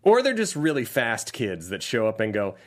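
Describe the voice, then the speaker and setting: A man in an easygoing movie chat, lively and quick to laugh. His voice swings up and down as he retells scenes, now and then slipping into silly voices. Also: medium pitch. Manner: animated, laughs often, acts out lines in silly voices. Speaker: podcast co-host. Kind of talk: casual movie review chat.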